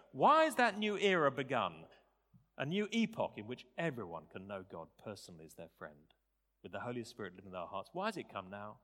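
A man preaching a sermon, animated and rising to loud, emphatic peaks. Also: mid-range voice. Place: church. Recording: church hall reverb.

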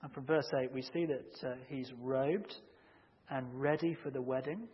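A man's voice: medium pitch, fairly even intonation. Man preaching in a reverberant hall. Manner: measured, emphatic, building to loud acted shouts in anecdotes. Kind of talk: sermon. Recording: muffled audio with long hall reverb.

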